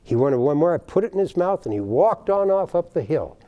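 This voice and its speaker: An older man, a baker, telling stories in a TV interview in a folksy, animated way, acting out the people in his tales. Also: on the high side, a little fast, muffled recording. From United States. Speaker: guest, baker. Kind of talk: storytelling in a TV interview.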